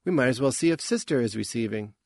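A man's voice: mid-range voice, expressive, quick pace, a little mellow, dry recording. A man voicing a wry guarded young woman. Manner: murmuring, dry asides.

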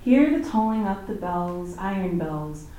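A woman student reads verse slowly, in a low, mellow voice. She sits far from the mic in a very echoey classroom, with faint room noise behind her. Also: lively intonation. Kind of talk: reading a poem aloud in class.

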